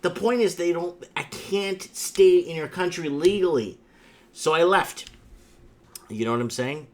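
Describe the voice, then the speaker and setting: Fairly high-voiced rambling male host. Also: a little slow. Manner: rambling, emphatic storytelling with repeated asides. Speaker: livestream host. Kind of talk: casual chat with a caller.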